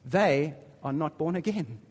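A man's voice: on the high side, lively intonation, a little slow, darkish tone. A man preaching a sermon, reading scripture aloud and pressing his points with emphatic repetition. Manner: emphatic, repeats words, reads scripture aloud. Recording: long hall reverb.

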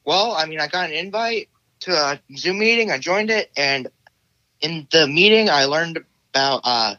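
A man's voice: on the high side, lively intonation, normal speed, sharp tone, no room sound, highs cut off. A teenage boy answering interview questions casually, hesitant and full of fillers. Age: teens. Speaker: guest.

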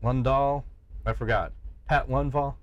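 A man co-hosting a podcast in casual chat, joking and swearing freely in quick asides. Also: mid-range voice, steady tone, highs cut off, a crowd in the background. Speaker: podcast co-host.

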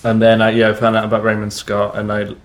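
Halting, low-voiced man. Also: completely flat delivery. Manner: halting, many restarts and fillers. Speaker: guest musician. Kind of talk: casual interview chat.

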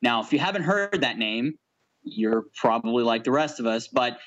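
A man's voice: mid-range voice, expressive, normal speed, a bit bright, muffled recording. A man co-hosting a podcast, bantering with crude jokes in casual chat. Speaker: podcast co-host.

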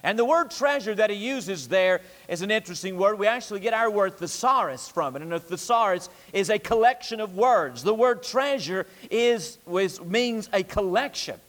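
Emphatic high-voiced preacher in a church hall. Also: male voice, expressive, moderate pace, a bit bright. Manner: emphatic, repetitive preaching cadence. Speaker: pastor. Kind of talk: sermon. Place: church sanctuary.

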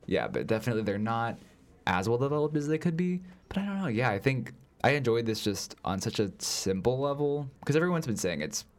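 A man's voice: mid-range voice, lively intonation, brisk. A man chatting casually about a film as a podcast co-host, rambling and leaning heavily on filler words. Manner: rambling, heavy use of "like" fillers. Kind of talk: casual film review chat.

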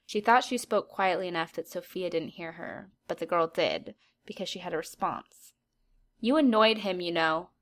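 A woman narrating a story aloud in an even, steady storytelling manner. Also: on the low side, moderate pace, hardly any pauses.

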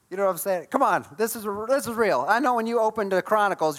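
High-voiced man preaching a lively sermon. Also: fast, few pauses. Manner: animated storytelling, acts out Bible scenes. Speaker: pastor.

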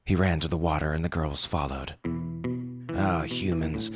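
Low-voiced man narrating a story. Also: steady tone, fairly quick, over music. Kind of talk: first-person story narration.

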